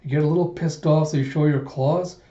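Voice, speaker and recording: A man's voice: on the high side, fairly even intonation, a little fast, dark tone, roomy sound, muffled recording, natural voice. A man reading a teasing, easygoing young male ex-general from a manga, blunt and mocking.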